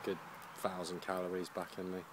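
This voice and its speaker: A man's voice: low voice, monotone, normal speed. A young man from Jersey, a touring cyclist, telling a rambling casual video-diary story outdoors, worn out after a long day's ride. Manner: rambling storytelling, lots of "and I was like". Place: outdoors at a roadside camp. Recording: noisy outdoor camera recording.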